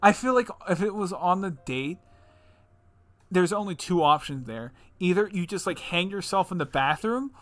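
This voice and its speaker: Young male podcast co-host, crisp bright tone, slightly high, loose and profane banter. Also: expressive, normal speed. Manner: jokey, loose, swears and puts on silly voices. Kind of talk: casual chat.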